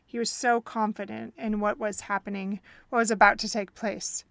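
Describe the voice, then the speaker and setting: A woman's voice: medium pitch, level tone, moderate pace, gravelly, a bit bright, no room sound, clean studio sound. Earnest woman telling a faith story. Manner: earnest, reflective, asks listeners questions. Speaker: podcast host and counselor. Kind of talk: faith-based podcast storytelling.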